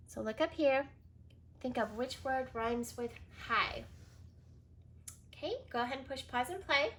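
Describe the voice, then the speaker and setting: A woman teaching a reading lesson to young children, pitched a little high and talking very slowly. She sounds out each word and spells it letter by letter. She praises often as she goes. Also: fairly bright tone. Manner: slow, clear, sounds out words and spells letters one by one.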